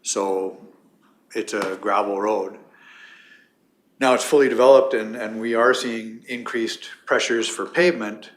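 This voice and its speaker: Low-ish guy, county staffer explaining development costs, roomy hall sound. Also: steady tone, a little slow. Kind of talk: answering council questions. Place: council chamber.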